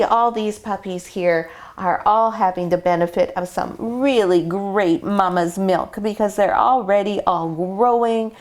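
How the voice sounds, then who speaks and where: Middle-aged lady breeder chatting through puppy care, kinda low voice, explains everything step by step. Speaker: dog breeder. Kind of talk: casual explainer video. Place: whelping box indoors.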